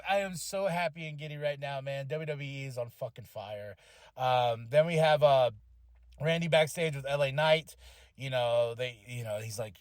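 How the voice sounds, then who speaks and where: Excitable man recapping wrestling, dry close mic. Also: a little high, moderate pace, no echo. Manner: excitable, profane, acts out quotes. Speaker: podcast host.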